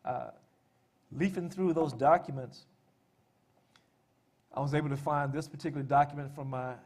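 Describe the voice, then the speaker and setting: A man presents to an audience in a relaxed, conversational way. His voice sits a little high, and his talk is full of small "uh" fillers and dry jokes at his own expense. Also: moderate pace. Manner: conversational with frequent "uh" fillers and dry self-deprecating humor. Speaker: speaker presenting family history and poetry. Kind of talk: public talk.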